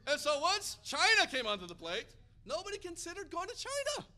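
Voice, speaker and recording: An American man preaches with a high, ringing voice that is bright and cutting. He delivers the sermon with energy and often climbs to loud, emphatic peaks. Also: wildly swooping pitch, brisk.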